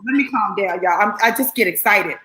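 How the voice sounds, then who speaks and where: A woman talking excitedly as a guest on a live stream, emphatic and repeating herself for effect. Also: mid-range voice, a little fast, reverberant. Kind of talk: excited casual chat.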